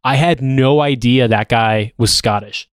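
Rambling podcast co-host. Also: male voice, mid-range voice, measured pace, clear, resonant tone, no echo. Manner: rambling, animated, lots of restarts and "like". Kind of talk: casual chat.

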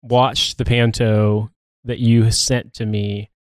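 A man's voice: on the low side, flat delivery, slow pace, clean tone, dry recording, clean studio sound. A man co-hosting a podcast in casual chat, sardonic and profane, rambling through his stories. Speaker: podcast co-host.

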